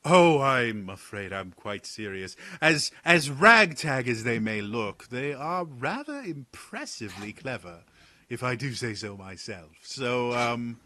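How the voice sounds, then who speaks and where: A man's voice: medium pitch, pushed and bright, a little hiss or hum. A man voicing a cheeky male mage who teases others and sighs theatrically. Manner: playful, mock-exasperated, theatrical sighs.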